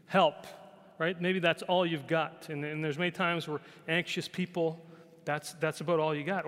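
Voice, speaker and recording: With a voice that's a little high, a pastor delivers his sermon in a conversational way, echoing through a hall with long reverb. He frequently asks "right?", repeats himself, and at times goes soft and quiet.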